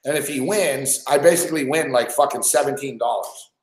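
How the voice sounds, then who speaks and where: Swearing a lot and clearly frustrated, a man hosting a sports betting show complains about his bets in casual talk. His voice is mid-range and a little fast, captured in an echoey room.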